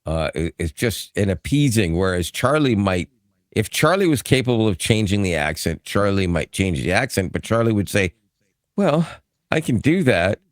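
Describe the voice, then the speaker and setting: An excitable male podcast co-host chatting casually and laughing easily. His pitch moves a lot as he talks. The sound is dry, with no room echo. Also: normal speed. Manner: excitable, laughs often, repeats words. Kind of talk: casual chat.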